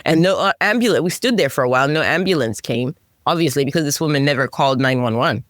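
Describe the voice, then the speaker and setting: A woman guest on a podcast interview, telling a personal story in an animated way, with many restarts and self-corrections. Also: fast, no room sound, studio quality. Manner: animated storytelling, pitch jumps on emphasis.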